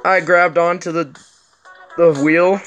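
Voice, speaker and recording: A man doing let's play commentary, excitable and joking, swearing often. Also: fairly high pitch, slow pace, soft background music. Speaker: gaming commentator.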